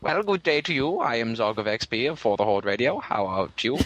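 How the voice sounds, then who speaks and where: A man's voice: medium pitch, very animated, brisk, fairly bright tone, highs cut off, slight background noise, voice pushed down. A man putting on a mock posh British voice. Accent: put-on British. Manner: playful, theatrical. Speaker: podcast co-host.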